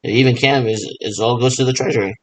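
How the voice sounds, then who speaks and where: A man with a voice of ordinary middle pitch rambles on his own. He mimics radio check chatter and keeps answering himself in a loose, repetitive back-and-forth. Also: quick pace, low-quality recording. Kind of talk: rambling improvised monologue.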